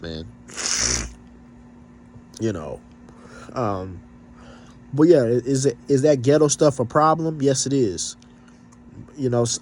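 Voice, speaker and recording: A man's voice: mid-range voice, darkish tone, a little hiss or hum. Blunt, profane man ranting casually. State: slightly stuffed up. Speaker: vlogger. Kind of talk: casual rant to camera.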